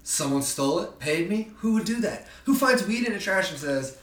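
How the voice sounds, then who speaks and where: A young man, a podcast guest, telling a story in an animated, profane way and acting out the other people in it. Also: sits high, normal speed, hardly any pauses. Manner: profane, animated, acts out quoted voices. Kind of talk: casual storytelling. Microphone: distant from the mic. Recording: roomy, distant mic, faint background noise.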